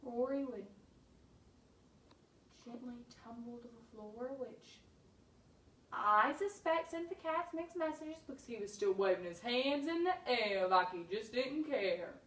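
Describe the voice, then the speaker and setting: A woman reading her own humorous memoir with wry, deadpan comic timing and sudden bursts. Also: on the high side, unhurried, echoey room, recorded from a distance, rough recording.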